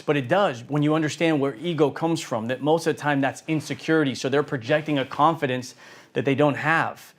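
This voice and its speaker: A man giving an earnest motivational talk about his years as an entrepreneur, speaking in repeated lists and full of fillers. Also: on the high side. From United States. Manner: earnest and emphatic, with many fillers and repeated phrases; speaks in lists and emphatic repetition. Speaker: entrepreneur sharing lessons.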